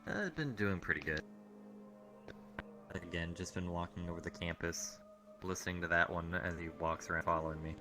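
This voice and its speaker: A man's voice: sits low, moderate pace, over music. A man in a roleplay session, talking in an easygoing, mild way. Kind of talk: in-character roleplay.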